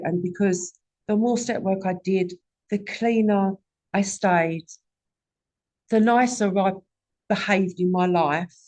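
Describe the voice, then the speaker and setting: A woman's voice: on the low side, darkish tone. A woman in her forties giving a raw, candid personal testimony at a recovery meeting and swearing often.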